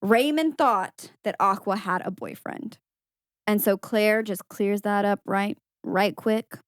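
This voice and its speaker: Young woman chatting thru a movie recap, jumps into squeaky character voices, dry close mic. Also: takes it slowly, smooth, no room sound. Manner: animated storytelling with high-pitched quoted voices and frequent laughs. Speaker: podcast co-host. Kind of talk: casual movie recap chat.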